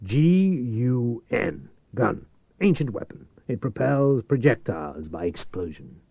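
A man reading aloud, voicing a patient, coldly controlled man who keeps his calm. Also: on the low side, moderate pace, vocal fry, slightly rough, no room sound, full character voice. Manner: cold and patient.

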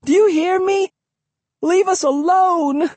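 A reader voicing a frightened young girl crying out in shrill pleas. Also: takes it slowly, a little mellow, no room sound. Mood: terrified. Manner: shrill, pleading cries.

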